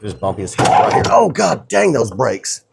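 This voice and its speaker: A man's voice: mid-range voice, very animated, normal speed, creaky, heavy background noise. Laid-back man filming a garage how-to. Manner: joking, laid-back, talks to viewers as guys. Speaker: DIY truck builder. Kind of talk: casual how-to vlog.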